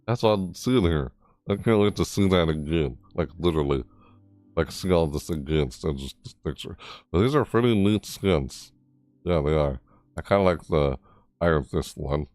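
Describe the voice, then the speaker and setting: Low-pitched man, gaming vlogger, rambling and easily amazed, lively swings, dry close sound. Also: normal speed, dry recording. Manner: voice jumps high in surprise. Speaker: gaming YouTuber. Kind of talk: casual game commentary.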